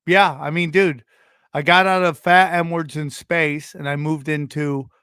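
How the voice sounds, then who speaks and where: Teasing man, slightly high voice. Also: fairly even intonation, measured pace, sharp tone, clean tone, dry recording, clean studio sound. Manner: teasing, jokey. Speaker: podcast host. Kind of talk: casual podcast chat.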